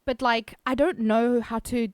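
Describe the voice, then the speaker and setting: A woman's voice: a little high, fairly even intonation, unhurried, a little mellow, no echo. A South African woman streamer chatting casually with her viewers, giggly and self-teasing. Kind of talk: casual chat reading viewer messages.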